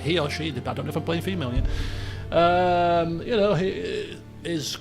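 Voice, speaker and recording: Man, young adult, game streamer, casual jokey commentary, high voice, gravelly. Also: normal speed, faint music behind. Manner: chatty, musing aloud, jokey.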